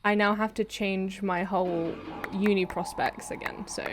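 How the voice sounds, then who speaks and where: A woman's voice: medium pitch, little pitch movement, moderate pace. Young woman streamer, casual rambling chat. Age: young adult. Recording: noisy stream audio.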